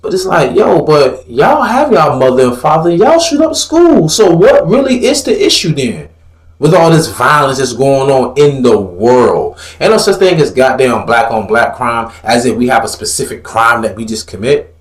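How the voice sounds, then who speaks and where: A man delivering fiery religious commentary with plenty of cursing. His pitch rises and falls sharply as he gets worked up, and he slips into mocking voices. The sound carries a noticeable room echo. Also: moderate pace. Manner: blunt, profane, preachy; animated, mocks others in put-on voices.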